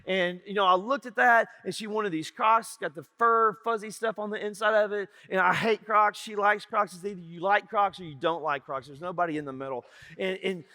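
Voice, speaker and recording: Lively pastor telling a funny story. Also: male voice, high-pitched, brisk. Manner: humorous, animated storytelling. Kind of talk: sermon with personal storytelling. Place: church sanctuary. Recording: reverberant church hall.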